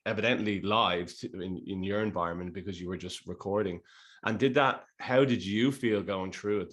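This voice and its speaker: A man hosting an interview, asking probing questions with frequent restarts and hesitations. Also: on the low side. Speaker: interview host. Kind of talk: interview conversation.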